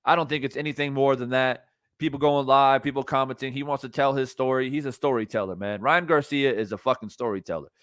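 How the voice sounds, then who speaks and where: A man's voice: medium pitch, fairly even intonation, fast, a bit bright, dry recording, clean studio sound. Blunt, profane man ranting live. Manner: blunt, profane, repeats points for emphasis. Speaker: streamer reacting to boxing news. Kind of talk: live-stream reaction rant.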